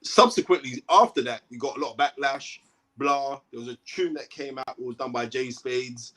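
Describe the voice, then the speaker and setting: A man's voice: medium pitch, moderate pace, a bit bright. A man, a boxing commentator, talking emphatically as a guest and often checking in with "right?". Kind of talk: animated interview talk.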